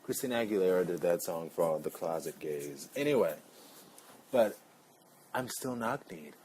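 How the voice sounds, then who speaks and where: A man's voice: low-pitched, lively intonation, normal speed, a little mellow, slight background noise. A man vlogging in a casual, rambling way, full of playful asides. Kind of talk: casual chat.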